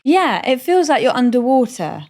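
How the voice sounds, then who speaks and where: A woman's voice: high-pitched, sing-song, normal speed, a little mellow. A middle-aged woman from Iran, a comedian guest on a podcast, telling candid, self-deprecating stories and swearing freely. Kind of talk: candid storytelling chat. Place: on a moored boat.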